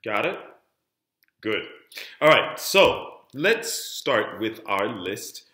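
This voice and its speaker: A man teaching French diction in an online lesson, speaking each word clearly for students to repeat and stressing word endings. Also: mid-range voice, bright, forceful tone, reverberant. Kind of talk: online lesson, modeling words for repetition.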